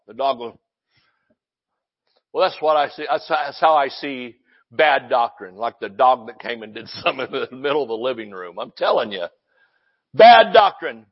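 A male pastor delivers a fiery, loud sermon, bursting into shouts and trading jokes with the congregation. His pitch is medium, and the audio sounds dull.

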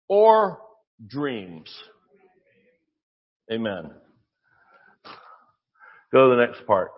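A man preaching a sermon with exuberant energy, swinging from shouts to quiet asides. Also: mid-range voice, wildly swooping pitch, very slow, pauses often, highs cut off.

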